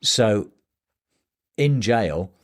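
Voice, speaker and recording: Low-voiced older man telling stories. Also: animated, very slow. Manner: rambling, restarts, anecdotal with voiced quotes. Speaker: playwright guest. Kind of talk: casual interview storytelling.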